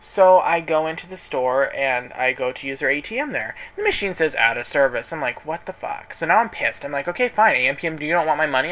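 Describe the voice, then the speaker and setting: A man's voice: medium pitch, pushed and bright, poor audio. A man telling a story in a casual vlog, chatty and sassy, dramatically quoting people while folding clothes at home. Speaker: vlogger. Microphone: camera in front of him.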